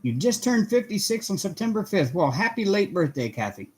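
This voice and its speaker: A chatty middle-aged man hosts a relaxed livestream from his home. His voice sits a little high for a man, and he reads out viewers' names one after another, laughing easily between remarks. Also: a little fast, breathy edge. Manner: chatty, greets viewers by name, laughs often. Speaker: livestream host. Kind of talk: casual livestream chat.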